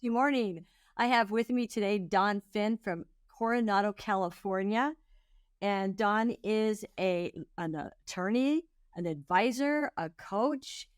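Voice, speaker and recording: A woman's voice: mid-range voice, slow pace, smooth, no echo, studio quality. A woman hosting a podcast interview, speaking in a friendly, conversational way. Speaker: podcast host.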